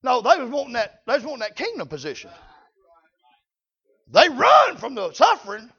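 Older preacher man, raspy high voice. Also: wildly swooping pitch, moderate pace, lo-fi sound. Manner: shouting, preachy, folksy. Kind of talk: sermon.

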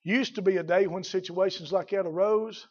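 A middle-aged man preaching a fiery sermon as a pastor, rising to shouts at his peaks. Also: high voice, steady tone, moderate pace. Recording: dull lo-fi recording.

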